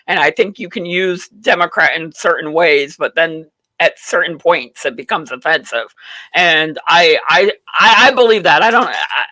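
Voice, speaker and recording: A mid-pitched host with a bright, edgy tone, recorded dry and close. The host talks politics in a halting, agreeable way, often restarting sentences. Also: lively intonation, no room sound. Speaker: talk show host. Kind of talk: political discussion.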